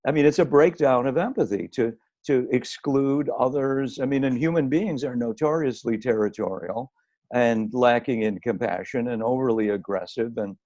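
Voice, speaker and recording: A man talking through ideas as a guest author, measured and hedging, often restarting with "I mean". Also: mid-range voice, darkish tone, lo-fi sound. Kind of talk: conversational discussion. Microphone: video call.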